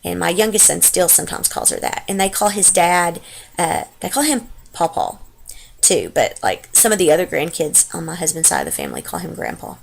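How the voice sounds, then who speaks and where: This is a Texan woman in her thirties with a low, gravelly voice. She chats loosely through a vlog quiz, often trailing off with fillers and little asides. The delivery stays relaxed and unpolished. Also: brisk, a little hiss or hum. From Texas. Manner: rambling and unsure, with many ums and trailing asides. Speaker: vlogger. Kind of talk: casual dialect-tag chat.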